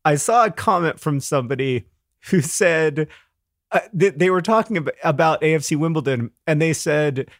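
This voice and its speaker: A man's voice: fairly high pitch, animated, normal speed, no echo. A middle-aged man co-hosting a podcast, chatting casually with wry, dry humor and frequent laughter. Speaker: podcast co-host. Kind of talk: casual chat.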